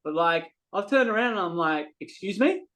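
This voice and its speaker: A man's voice: high voice, brisk, poor audio. A middle-aged man, a podcast guest telling a story in casual talk and acting out what people said. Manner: animated, acts out quoted dialogue, frequent restarts.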